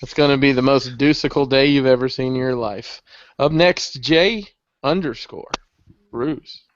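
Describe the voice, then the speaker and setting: A man's voice: medium pitch, a little slow, lo-fi sound, slight background noise. A man hosting a podcast, opening the show and introducing the guests in an upbeat, hyped-up way. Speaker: podcast host. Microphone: video call.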